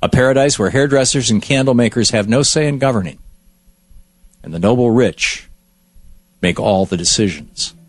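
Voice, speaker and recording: A man gives political commentary as a talk show host, telling stories with emphasis. His mid-pitched voice is recorded close and dry, with no room sound. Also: normal speed, pauses often, dry recording. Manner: emphatic, storytelling delivery.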